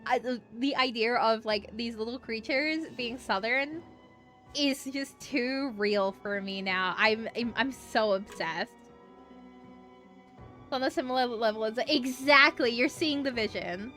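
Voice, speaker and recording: Woman, Americanized Australian accent, game streamer, rambling, swears, fairly high voice, bright tone. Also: measured pace, faint music behind. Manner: rambling, many "like" fillers, swears freely. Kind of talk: casual live-stream chat.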